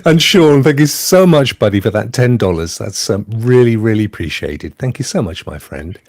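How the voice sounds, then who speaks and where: A man's voice: fairly low pitch, animated, moderate pace, a little mellow, dry recording, clean studio sound. A man hosting a casual gaming livestream, jokey and chatty, thanking viewers by name. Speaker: host.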